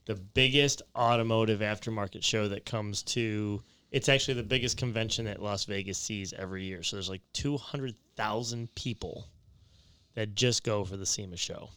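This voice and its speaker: A man's voice: on the low side, moderate pace, a bit bright, smooth. A man hosting a podcast, telling travel stories in casual chat with frequent laughs. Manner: laughing, rambling storyteller. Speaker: podcast host.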